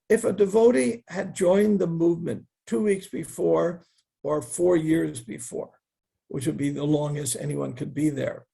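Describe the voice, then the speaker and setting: A man's voice: a little high, gravelly, mellow, breathy edge. An older man telling stories as an interview guest, earnest and reflective, with wry asides. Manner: earnest, wry asides, quotes others in a raised voice. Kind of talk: reflective storytelling.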